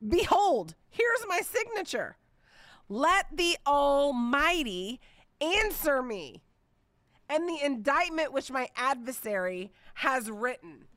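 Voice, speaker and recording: Chatty woman in her forties, higher voice. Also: slow, no room sound, clean studio sound. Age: 40s. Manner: chatty and expressive, with playful asides. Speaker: podcast host and Bible teacher. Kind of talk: casual Bible teaching podcast.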